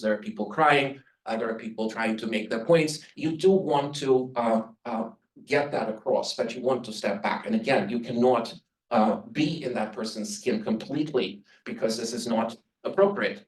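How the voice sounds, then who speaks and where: A man born in the Soviet Union giving an earnest conference presentation on interpreting, advising listeners as an instructor. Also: mid-range voice. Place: conference room. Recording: roomy sound from a distant mic.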